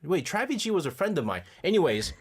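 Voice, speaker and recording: A man's voice: a little high, big pitch swings, breathy edge. A man hosting a radio show from the studio, joking and rambling in casual chat. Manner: joking, rambling, quick to laugh. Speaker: radio host.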